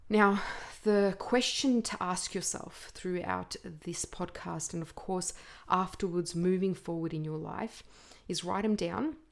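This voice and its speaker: A woman hosting a self-help podcast, speaking in a deliberate, earnest way and pausing between the items of her lists. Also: lowish voice. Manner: puts on a playful imitation voice for a quoted speaker. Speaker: podcast host.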